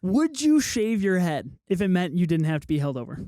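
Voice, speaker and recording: Smooth higher-pitched guy running a podcast, casual, swears some. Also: sing-song, brisk, warm tone, no echo, studio quality. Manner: leads discussion, swears casually. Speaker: podcast host. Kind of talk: casual chat.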